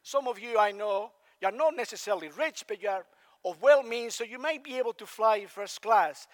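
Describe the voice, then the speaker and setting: Male preacher from Spain, very high voice, conversational sermon, long reverb of a large hall. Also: animated, brisk. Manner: conversational, asks the congregation questions.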